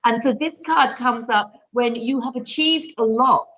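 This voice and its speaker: An earnest woman giving card readings on a live show, pleading and reassuring as she speaks. Her voice sits fairly high. The audio comes through dull and a little lo-fi. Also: measured pace, a bit bright. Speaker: card reader guest.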